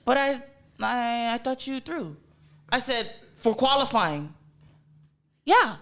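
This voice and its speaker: Guest athlete, young woman, lively storyteller who laughs a lot and swoops through a wide pitch range. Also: slow. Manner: animated storyteller, laughs often, acts out quotes. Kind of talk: casual interview chat.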